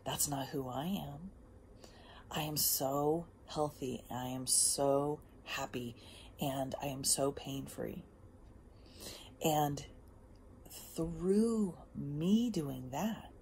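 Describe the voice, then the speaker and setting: A woman hosting a casual motivational monologue, emphatic, often dropping into soft whispers before rising again. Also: low voice, slight background noise. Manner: emphatic, drifts between soft whispers and bursts. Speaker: host. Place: outdoors.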